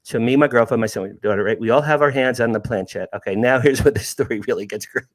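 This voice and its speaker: A man's voice: medium pitch, fast. Emphatic older man telling a ghost story. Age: 60s. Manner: emphatic, repeats key phrases, addresses listeners as "you guys". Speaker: guest storyteller, network host. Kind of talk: animated personal ghost story.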